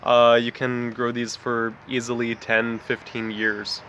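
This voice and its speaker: A man's voice: medium pitch, monotone, a little slow, a bit bright, slight background noise. Rambling man chatting about plants outdoors. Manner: rambling, friendly, many fillers. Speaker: gardening vlogger. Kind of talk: casual outdoor plant talk. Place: backyard garden outdoors.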